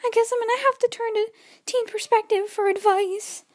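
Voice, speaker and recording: A teenage girl voicing her younger sister in a high, drawn-out, teasing voice. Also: fairly even intonation. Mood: mocking. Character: bratty little sister mocking in a squeaky voice.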